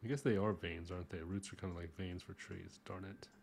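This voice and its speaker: A man hosting a drawing livestream, talking casually while he sketches, rambling and joking at his own expense, often trailing off into soft mumbles. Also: low voice, fairly even intonation, fairly quick, vocal fry, slight background noise. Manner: rambling, jokey and self-mocking.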